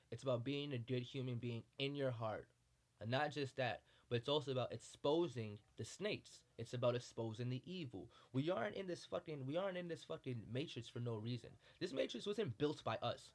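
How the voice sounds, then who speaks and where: Man, heated monologue, blunt, swears a lot, mid-pitched voice. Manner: repeats "you know what I'm saying". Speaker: spiritual commentator. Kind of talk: impassioned monologue.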